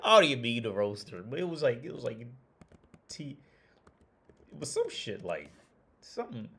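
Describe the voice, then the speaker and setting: A man chats loosely to his stream audience, stumbling over his words and restarting his sentences. He swears freely and keeps breaking into laughter. His pitch swings a lot, rising high when he gets worked up. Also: very animated, moderate pace, gravelly, sharp tone, breathy edge. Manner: rambling, profane, laughs often, many restarts. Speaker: livestream host. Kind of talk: casual livestream chat.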